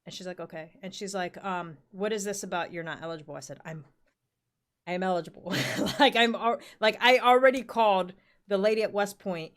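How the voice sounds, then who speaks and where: A woman's voice: mid-range voice, fairly quick. A woman in her forties telling a rambling work story in casual chat, full of fillers and the odd swear word. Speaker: podcast co-host.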